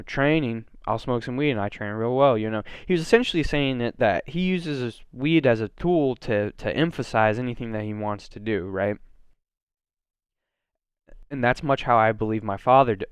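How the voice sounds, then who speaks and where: A man from Oregon hosts his own podcast alone, wandering from thought to thought with plenty of fillers and restarts. His voice is smooth and clean, at an ordinary middle pitch. The sound is close and dry, with no room echo. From Oregon, USA. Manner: rambling, many fillers and restarts, self-corrections. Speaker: podcast host. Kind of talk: casual solo podcast monologue.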